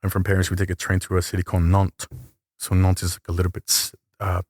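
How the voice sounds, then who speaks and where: A man's voice: low-pitched, fast talker, no room sound, clean studio sound. A man who is a tattoo artist, talking casually and animatedly in slang as he tells a story in an interview. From El Salvador. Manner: slangy, animated, acts out voices in quotes.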